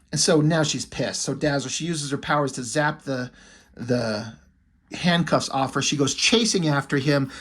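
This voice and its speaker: Brief: man in his forties, comic reviewer, husky voice, slightly high, excitable and swearing. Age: 40s. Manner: enthusiastic, profane, retells plots in quotes. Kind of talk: casual review monologue.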